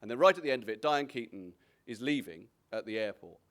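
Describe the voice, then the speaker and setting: A man, a comedian, telling anecdotes in a relaxed, reflective way, often restarting his sentences. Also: medium pitch, quick pace. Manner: rambling, self-interrupting, reflective. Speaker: guest comedian.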